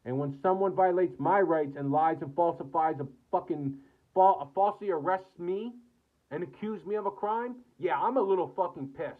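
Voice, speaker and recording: An American vlogger from the United States curses his way through an angry rant to camera, going over the same points repeatedly. The voice is high-pitched at a moderate pace, recorded with tinny phone-style audio.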